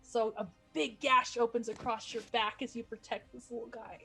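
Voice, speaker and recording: A woman's voice: fairly high pitch, level tone, normal speed, creaky, a bit bright, soft background music. A woman narrating as game master, chatty and cheerful, with stumbles and asides.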